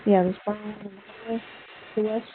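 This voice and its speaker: A woman with a husky, slightly breathy voice plays a tabletop game, stating her character's moves in short, matter-of-fact sentences. Her voice comes through a tinny, phone-like line. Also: mid-range voice, level tone, quick pace. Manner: brief, matter-of-fact declarations of actions. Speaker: player.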